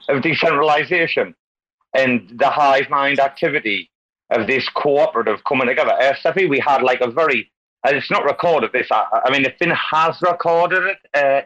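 A man hosts a casual community voice call, talking in loops and repeating phrases as his excitement builds. His tone is bright and pushed, and the call audio sounds muffled and lo-fi. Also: medium pitch, no room sound. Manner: rambling, repeats himself, excitable, calls people darling. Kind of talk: casual online group chat.

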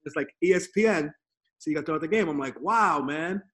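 A man hosts a casual podcast by video call, talking in a slightly high voice. He tells stories with lots of energy and acts out other people's lines as he goes. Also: brisk. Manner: animated storyteller, acts out quoted voices. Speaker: podcast host. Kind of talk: casual remote podcast chat.

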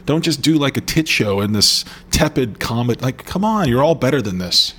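Blunt ranting podcast co-host. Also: male voice, medium pitch, animated, moderate pace, a bit bright, slightly rough. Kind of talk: casual movie-review chat.

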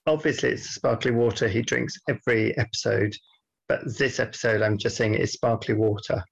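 A man co-hosting a podcast in casual banter, with dry, teasing, deadpan asides. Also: medium pitch, a little fast, vocal fry, highs cut off. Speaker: podcast co-host.

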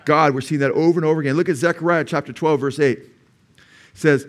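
Male pastor, higher-pitched, emphatic church sermon with rhetorical questions. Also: steady tone, fairly quick.

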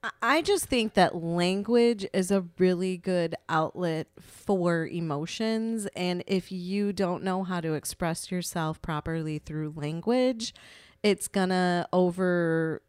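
A woman in her forties in a casual, blunt, profane chat, talking in an animated way. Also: fairly low pitch, slow pace, clean tone, no room sound, clean studio sound. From Chicago.

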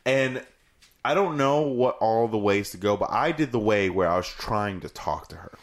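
This podcast co-host's voice sits on the low side, with lively intonation and a moderate pace. Chatting casually about a video game, he swears and plays out lines in silly voices.

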